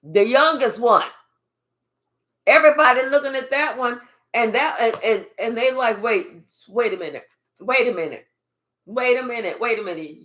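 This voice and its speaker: Woman card reader with a fairly high voice, emphatic and teasing, swears freely while reading for live viewers. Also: animated, moderate pace, a bit bright.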